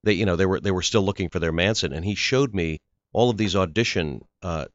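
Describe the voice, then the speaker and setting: A man's voice: low voice, fairly quick, no room sound. A male actor being interviewed, telling rambling stories about his work with frequent restarts. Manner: rambling storyteller, restarts often. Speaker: actor guest. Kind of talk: casual interview chat. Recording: slightly dull lo-fi sound.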